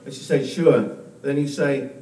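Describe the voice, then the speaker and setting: A man doing a stand-up comedy set, with a halting delivery full of repeated words and restarts. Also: medium pitch, fairly even intonation, darkish tone. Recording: echoey room, mic far off, faint noise.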